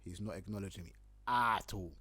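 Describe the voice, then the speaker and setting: A man's voice: low voice, brisk, bright, forceful tone, breathy edge. A young man with a London accent, hosting a podcast and telling a casual story, acting out his own lines and laughing often. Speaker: podcast host.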